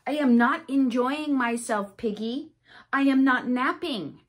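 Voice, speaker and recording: A woman's voice: fairly high pitch, slow pace, fairly bright tone. A woman voicing a cranky, sulky elephant from a picture book, speaking in a grumpy way. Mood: upset.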